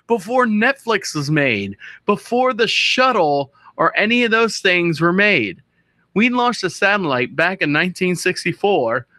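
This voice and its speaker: High, bright-voiced rambling show host. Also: male voice, no echo. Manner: rambling, self-interrupting, jokey asides. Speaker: podcast host. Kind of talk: casual solo talk show monologue. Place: radio studio.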